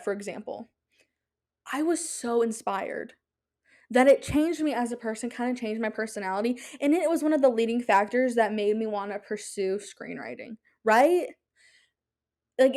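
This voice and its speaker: A young woman hosts her podcast in loose, chatty talk. She rambles excitedly, tripping over filler words, with a voice set a little high for a woman. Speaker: podcast host. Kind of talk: casual chat.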